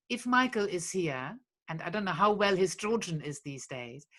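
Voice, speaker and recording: A woman's voice: lowish voice, a bit bright. A woman leading a lullaby workshop, patiently explaining a song step by step and breaking off to sing phrases. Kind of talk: teaching a song to a group.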